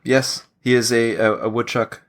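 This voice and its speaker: A man quizzes people on a laid-back podcast trivia game, his mid-range voice moving at normal speed. He kids around, laughs often, and has a lively quizmaster delivery.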